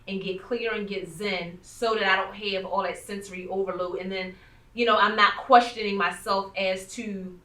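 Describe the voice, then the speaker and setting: A woman hosting a podcast as a coach, talking in a reflective, measured way. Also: medium pitch, fairly even intonation, bright, forceful tone, roomy sound, recorded from a distance. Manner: reflective, measured, faith-minded. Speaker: podcast host, life coach. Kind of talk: casual conversational podcast.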